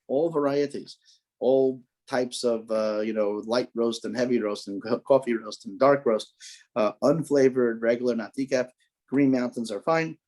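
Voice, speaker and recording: Mellow-voiced rabbi giving casual guidance. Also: male voice, medium pitch. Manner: rambling, joking, repeats himself. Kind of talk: informal kosher guidance talk.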